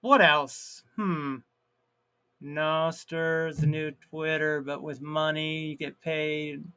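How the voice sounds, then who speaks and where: A man hosting a live stream, chatting casually, reading viewer comments aloud and laughing at his own jokes, with drawn-out words and sudden loud outbursts. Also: on the high side, fairly even intonation, clear, resonant tone.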